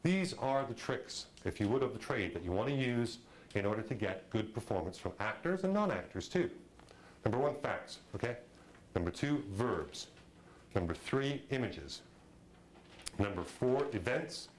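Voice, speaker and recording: Animated man lecturing on film directing. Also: medium pitch, moderate pace, low-quality recording. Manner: animated, acts out audience reactions in a raised voice; conversational, frequent "you know" and "okay". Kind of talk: lively classroom lecture.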